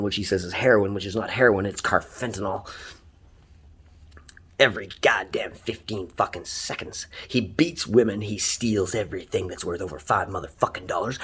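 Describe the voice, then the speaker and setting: The speaker is a taxi driver from Canada who vents online in an angry, swear-filled, heated tirade. He has a fairly low, slightly rough voice with a fairly bright tone.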